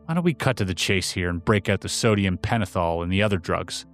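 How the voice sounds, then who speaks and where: A man's voice: low voice, lively intonation, fairly quick, soft background music, pitched below the performer's own voice. A man voicing a blunt, impatient intelligence agent in a read-aloud story.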